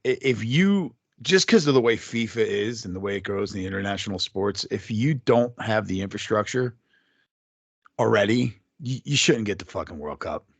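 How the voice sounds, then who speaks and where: A man's voice: lowish voice, creaky, dry recording. A man in a casual podcast chat, hesitant and full of ums, swearing freely. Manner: hesitant, lots of ums, profane. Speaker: podcast co-host.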